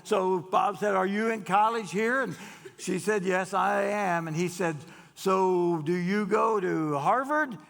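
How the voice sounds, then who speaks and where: A man telling folksy jokes to a gathering, chatty with drawn-out pauses and frequent restarts. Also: high-pitched, creaky, fairly bright tone. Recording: long hall reverb.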